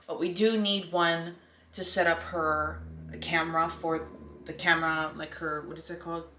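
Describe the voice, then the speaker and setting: A woman's voice: on the low side, bright, forceful tone. A young woman talking casually on a home vlog, thinking aloud as she works around the house. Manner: chatty, thinking aloud while working. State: out of breath at times. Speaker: vlogger. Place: at home, moving through rooms. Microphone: handheld camera.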